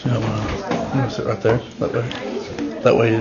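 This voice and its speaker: A male teacher giving a class directions, leaning on key words slowly for emphasis, recorded in a classroom. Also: fairly low pitch, level tone, muffled recording, loud music behind the voice. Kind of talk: classroom instruction.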